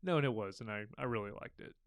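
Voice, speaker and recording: A young man co-hosting a podcast, retelling scenes in a relaxed, rambling way with plenty of fillers. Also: lowish voice, fast, clean tone, no room sound, clean studio sound. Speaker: podcast co-host. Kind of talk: casual chat.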